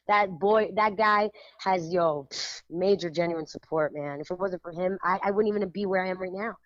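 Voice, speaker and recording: A woman's voice: fairly low pitch, no echo. Emphatic lo-fi woman chatting on radio. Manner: lively and emphatic, laughs often, switches into Spanish phrases. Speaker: art show curator and radio co-host. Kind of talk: casual radio chat.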